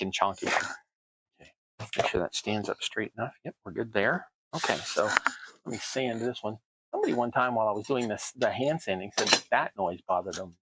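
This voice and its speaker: A man's voice: medium pitch, creaky, noisy background. A middle-aged man with a Southern American accent chatting casually through a hobby crafting tutorial, rambling with self-deprecating asides. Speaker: host, terrain crafter.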